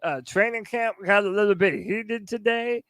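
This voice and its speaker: Guy cohost hyping up the show, smooth clear voice, dry sound. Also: sits high, normal speed, no echo. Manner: energetic, hype, shouting out fans. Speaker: podcast co-host. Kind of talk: hype sports podcast talk.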